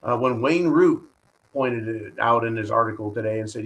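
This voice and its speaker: A man's voice: medium pitch, moderate pace, fairly bright tone, rough recording. A man hosting a live stream, giving combative political commentary and reading viewer donations, often turning to his audience with "folks" and "right?". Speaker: host of a live stream show.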